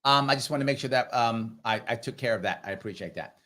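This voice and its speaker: A middle-aged man hosting a live question-and-answer stream, talking straight to his viewers in a lively, conversational way. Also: mid-range voice. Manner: animated, talks straight to viewers, acts out others in quick voices. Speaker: political commentator and livestream host. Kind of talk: live Q&A commentary.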